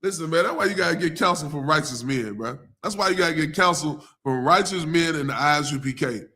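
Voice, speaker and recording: A man with a Southern US accent teaching scripture on a live stream, mixing casual slang and laughter with slow verse readings. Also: a little high, pushed and bright. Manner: casual street slang, laughs often, reads verses slowly.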